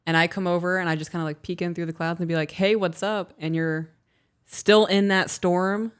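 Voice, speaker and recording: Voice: mid-range voice, steady tone, fairly quick, smooth. A podcast co-host in casual chat, blunt and swearing freely, acting out little scenes to make a point.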